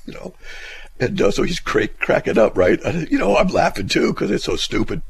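Middle aged guy on talk radio, rambling and laughing a lot, lively pitch, faint hiss behind. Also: fairly quick, gravelly. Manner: storytelling, laughing often, rambling. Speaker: radio host.

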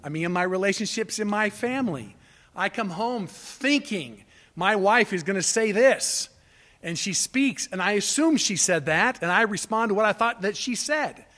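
A man preaching a sermon with passion, swinging from quiet, low asides to loud, pleading cries. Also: animated, normal speed. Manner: impassioned, rising to near shouts on quoted cries. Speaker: pastor.

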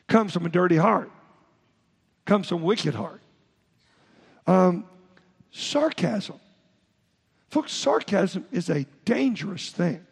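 A pastor with a high, gravelly, slightly rough voice preaches in short, emphatic phrases, often restarting mid-sentence. Long hall reverb surrounds his voice.

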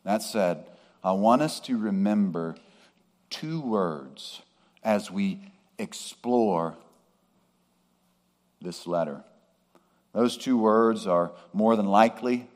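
A male pastor delivers an expository sermon in a lower-pitched voice. He takes his time with each phrase and pushes up hard on the words he wants to stress. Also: a little mellow. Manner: measured preaching with emphatic rises on key words.

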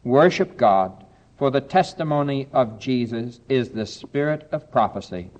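An earnest man preaching a sermon to his congregation. His voice sits at an ordinary middle pitch. He reads scripture slowly and deliberately, then slips into light, friendly asides. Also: a little mellow, highs cut off. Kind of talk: sermon with Bible reading.

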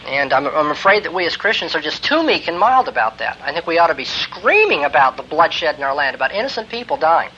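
Emphatic man lecturing on ethics, bright voice. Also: on the high side, sing-song, fast, few pauses. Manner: emphatic, builds to forceful exclamations. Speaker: theology lecturer. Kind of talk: classroom lecture on Christian ethics. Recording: dull lo-fi lecture tape with faint hiss.

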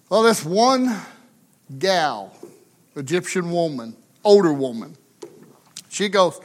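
A man's voice: sits high, big pitch swings, slow pace, pauses often. A pastor from the United States telling a funny story in a sermon. He is folksy and chatty and often tags his lines with questions.

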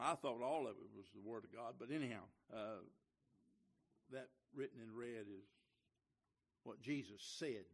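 Folksy preacher man, loud then quiet. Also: a little high. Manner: folksy, joking, swings from quiet asides to loud emphatic preaching. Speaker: guest preacher. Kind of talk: sermon. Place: church sanctuary.

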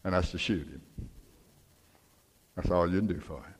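A man voicing a stern father who speaks gravely to his son. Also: medium pitch, lively intonation, moderate pace, a little mellow, big-room sound, natural voice. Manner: grave and firm. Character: stern, weary farm father.

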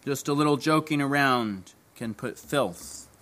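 A man preaching a sermon, emphatic, repeating key phrases and dropping low at the ends of lines. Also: measured pace, pushed and bright, slight background noise.

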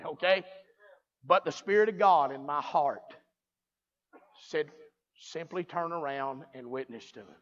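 A man's voice: a little high, moderate pace, a bit bright. A man preaching a revival sermon, telling a story and building to fervent preaching. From American South. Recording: muffled lo-fi recording.

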